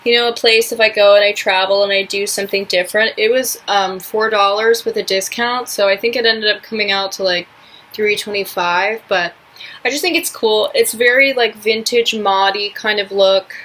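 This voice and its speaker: A woman's voice: mid-range voice, fairly even intonation, moderate pace, fairly bright tone, low-quality recording. A young woman from New York chatting casually in a vlog, rambling with lots of filler words. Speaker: vlogger.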